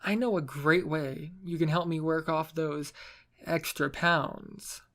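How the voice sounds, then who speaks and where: A man's voice: fairly high pitch, slow, fairly bright tone. A man doing a sultry flirtatious mermaid woman. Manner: sultry, teasing.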